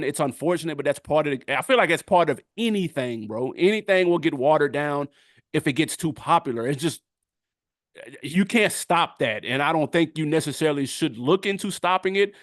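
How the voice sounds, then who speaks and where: A middle-aged man co-hosting a podcast, talking in casual, animated chat full of street slang and quick laughs. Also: on the high side, dry recording, clean studio sound. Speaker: podcast co-host.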